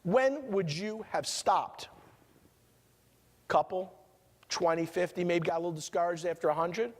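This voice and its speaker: High-voiced, energetic man with a New York accent. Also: a little slow. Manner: energetic storytelling with rhetorical questions to the audience. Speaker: motivational keynote speaker. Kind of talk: keynote speech. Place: conference hall at a resort. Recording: long hall reverb from a conference room.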